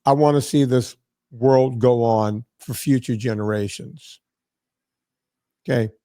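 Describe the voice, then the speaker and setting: A man's voice: medium pitch, steady tone, a little slow, mellow, dry recording, clean studio sound. A man hosting a podcast, telling a story in a casual, profane, exasperated way. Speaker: podcast host.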